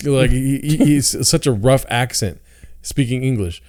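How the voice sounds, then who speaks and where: A man's voice: medium pitch, unhurried, darkish tone. A man co-hosting a podcast, blunt and joking, with plenty of profanity. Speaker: podcast co-host. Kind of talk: casual chat.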